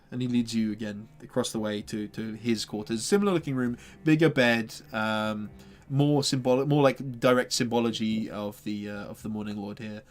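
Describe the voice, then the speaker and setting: A man's voice: fairly low pitch, normal speed, few pauses, a little hiss or hum. A man narrating a tabletop game as game master, rambling with many fillers.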